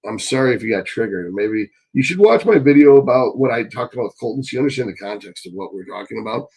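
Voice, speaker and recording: A man hosting a live stream Q&A, reading chat questions and answering bluntly, swearing often and getting excitable. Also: medium pitch, quick pace, creaky, husky, rough recording.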